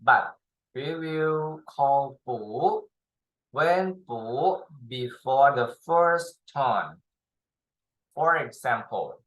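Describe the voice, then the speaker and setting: A man with Thai as his first language teaching Chinese tones, speaking slowly with many repetitions, fillers and pauses. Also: medium pitch, sharp tone, rough recording. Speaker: Chinese tutor. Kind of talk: slow spoken language lesson.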